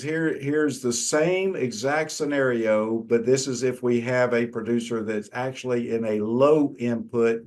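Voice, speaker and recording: A middle-aged man presents a talk from his slides. His pitch sits in the middle of the male range, and his delivery is plain and conversational, with restarts and filler words. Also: a little mellow. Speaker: extension lecturer.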